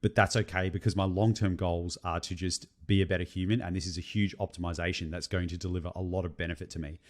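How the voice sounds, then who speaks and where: A young man co-hosting a podcast, telling a story in an animated, profane, casual way. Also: low-pitched, quick pace. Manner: animated, swears freely, tells stories. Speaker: podcast co-host.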